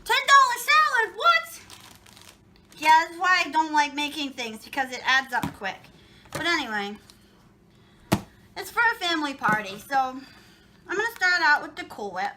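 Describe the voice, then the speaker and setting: A woman's voice: high-pitched, lively intonation, moderate pace, long pauses, background noise. A woman vlogger chatting casually and jokingly while making a recipe in her home kitchen. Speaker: cooking vlogger. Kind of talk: casual chat while cooking.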